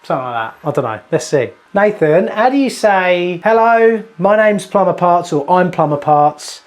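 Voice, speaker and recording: A man's voice: high voice, animated, moderate pace. A man, a plumber and channel host, chatting casually and jokily to viewers while he works in a house. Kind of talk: casual DIY vlog chat. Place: house interior and loft.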